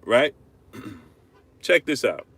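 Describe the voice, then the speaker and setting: A man hosting a live-stream boxing rant, arguing hard, repeating himself and shouting out viewers. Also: mid-range voice, very slow, slightly rough, no echo. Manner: animated, repetitive, argumentative, shouting out viewers. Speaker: livestream host.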